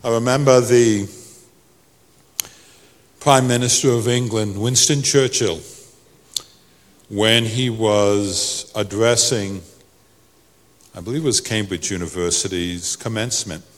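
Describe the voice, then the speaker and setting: A male pastor, preaching a sermon that swings from soft to loud. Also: lowish voice, slow, long pauses, big-room sound.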